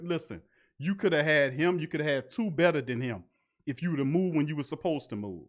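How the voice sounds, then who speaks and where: A fired-up male sports-talk host on a fan show, a little higher-pitched than most men. He rants in loose, slangy talk, piling up one rhetorical question after another and breaking into mocking laughter. It is an informal, heated commentary with a raised voice. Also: lively intonation, brisk. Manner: casual, slangy street talk.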